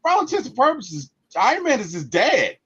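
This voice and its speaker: Husky man, lively swooping voice, emotional storyteller, lo-fi muffled sound. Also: extremely high pitch, brisk. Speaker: podcast co-host. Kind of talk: casual movie discussion.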